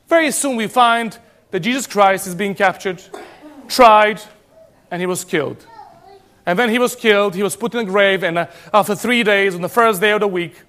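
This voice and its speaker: A man from Serbia preaching a sermon as pastor, animated and emphatic, often restarting his phrases. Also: high-pitched.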